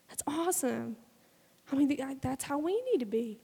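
A woman's voice: high voice, lively intonation, normal speed, creaky, dark tone. A woman in her twenties preaching a sermon in a fervent, conversational way, acting out little bits of dialogue. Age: 20s. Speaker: speaker giving a testimony sermon. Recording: long hall reverb.

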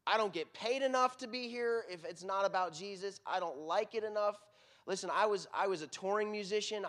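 A middle-aged worship pastor with a Texan accent preaches to his congregation, his voice sitting a little high for a man. He talks to the room in a loose, conversational way and tells his stories earnestly, with plenty of animation. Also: fairly bright tone. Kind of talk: sermon.

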